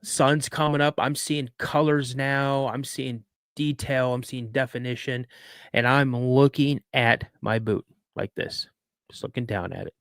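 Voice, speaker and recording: A man's voice: mid-range voice, steady tone, unhurried, no echo, studio quality. A man in his fifties, a podcast guest telling a personal story in a chatty way with many asides. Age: 50s. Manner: conversational, frequent "you know".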